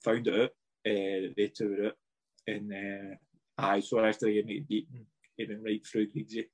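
A man's voice: lowish voice, little pitch movement, moderate pace. A man with a Scottish accent, a former footballer, telling stories in a casual podcast chat, swearing freely and laughing as he goes.

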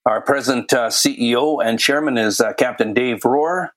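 An older man of Welsh origin speaks as an interview guest at a mid pitch. He is genial and anecdotal, with a dry sense of humor. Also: moderate pace, low-quality recording. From Wales. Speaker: guest, volunteer chief pilot. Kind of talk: casual interview chat.

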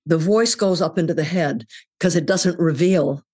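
An older woman with a slightly low voice talks things through as a guest on a podcast. She is earnest and reflective and leans into her points with emphasis. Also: normal speed, a little mellow. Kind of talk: podcast conversation.

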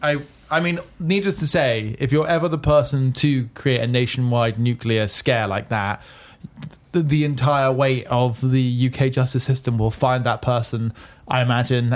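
A man co-hosting a comedy podcast, chatting casually and riffing into jokes. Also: medium pitch. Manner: jokey, riffs into silly bits. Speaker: podcast co-host.

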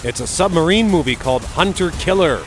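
A man's voice: fairly high pitch, lively intonation, brisk, fairly bright tone, faint music behind. A man co-hosting a casual movie podcast, chatting in a playful, breezy way. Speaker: podcast co-host.

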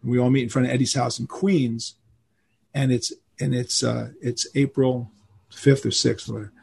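An older man from New York, a rock musician telling stories in a casual interview, animated and acting out the voices of people he quotes. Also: medium pitch, moderate pace, creaky, breathy edge. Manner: animated storyteller who acts out quoted voices.

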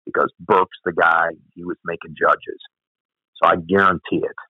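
A man's voice: low-pitched, little pitch movement, normal speed, no echo. A former police officer, telling blunt, profane stories from his career in an interview. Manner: blunt, profane, gravelly storytelling. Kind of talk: storytelling interview. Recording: dry, phone-like audio.

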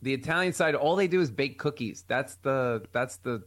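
A male comedian guesting on a podcast, an animated storyteller in casual chat. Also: medium pitch, moderate pace.

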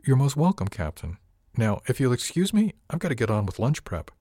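A man's voice: medium pitch, sing-song, fairly quick, dark tone, no echo, studio quality, pitched above the performer's own voice. A man doing a prim, courteous ship's cook. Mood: politely sweet. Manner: formal, courteous, earnest. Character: polite, earnest female ship's cook, proper and gentle.

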